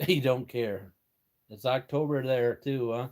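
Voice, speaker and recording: Speaking at medium pitch and a little slowly, with a slightly mellow sound, an older man from the United States runs a laid-back workshop live stream. He answers viewer messages in a folksy manner, chuckling along the way.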